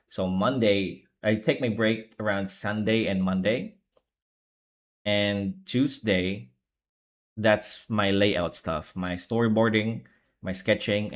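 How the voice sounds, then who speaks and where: Young man, sleepy, low-energy, rambling casual stream talk, slightly low voice, desk mic. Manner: rambling, self-correcting, laid-back. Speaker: manga artist streaming. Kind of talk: casual live-stream chat while drawing.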